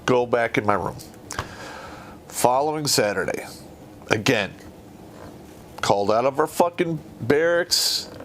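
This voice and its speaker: A man's voice: mid-range voice, lively intonation, takes it slowly, pauses often, slight background noise. A man hosting a podcast who tells stories in a casual, rambling way and swears heavily. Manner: profane, rambling and conversational. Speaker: podcast host. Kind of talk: casual storytelling.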